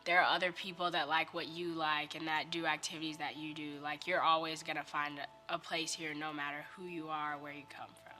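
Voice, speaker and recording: A woman's voice: low voice, flat delivery, a little fast, hardly any pauses, bright, forceful tone, faint music behind. A teenage girl student talking casually in an interview, with many fillers. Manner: casual, lots of "like".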